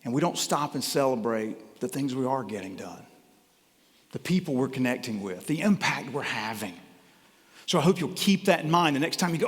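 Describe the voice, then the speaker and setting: Lively North Carolina man in echoing hall. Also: mid-range voice, moderate pace. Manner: animated, acts out audience voices. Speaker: keynote speaker. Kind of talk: motivational keynote talk. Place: conference hall before a live audience. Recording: reverberant hall.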